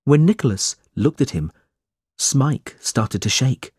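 Slow husky male storyteller. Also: mid-range voice, lively intonation, darkish tone, no echo, studio quality. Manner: slow, measured. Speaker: narrator. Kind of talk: audiobook reading.

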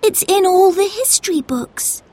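A woman's voice: extremely high pitch, animated, unhurried, darkish tone, pitched above the performer's own voice. A woman voicing a knowing, slightly bossy girl in a storybook reading.

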